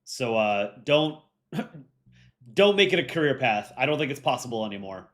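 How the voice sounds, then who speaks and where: A man's voice: medium pitch, big pitch swings, normal speed, a bit bright. Rambling young man hosting a livestream. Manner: rambling, chatty, many fillers. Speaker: livestream host. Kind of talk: casual livestream chat.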